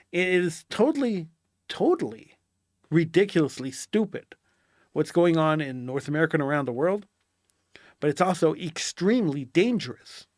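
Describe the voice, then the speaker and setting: A man's voice: fairly high pitch, no echo, clean studio sound. Impassioned man ranting solo. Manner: impassioned, indignant, repeats phrases for emphasis. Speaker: political commentator. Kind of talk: solo commentary monologue.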